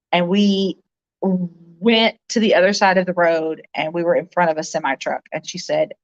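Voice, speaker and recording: A woman's voice: lowish voice, steady tone, unhurried. A woman hosting a livestream, chatting casually with viewers in a rambling way, full of fillers and laughs, recorded on a phone. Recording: dull lo-fi phone audio.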